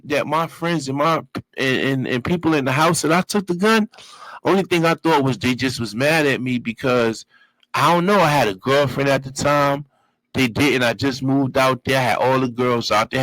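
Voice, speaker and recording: Animated man telling a story. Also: mid-range voice, dry recording, rough recording. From Brooklyn, New York. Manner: animated, profane street talk with vocal sound effects. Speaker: guest telling his life story. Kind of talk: casual storytelling.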